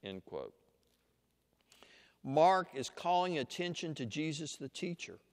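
Slow, lively-pitched male preacher. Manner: slow, deliberate teaching voice with dramatic pauses. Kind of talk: sermon with guided imagination exercise. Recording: long hall reverb.

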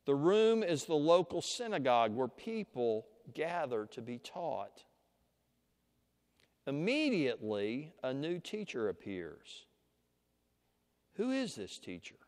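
A man preaching a sermon, teaching slowly and deliberately with dramatic pauses and leading listeners through an imagined scene. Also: a little high, sing-song, a little mellow. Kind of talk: sermon with guided imagination exercise. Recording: long hall reverb.

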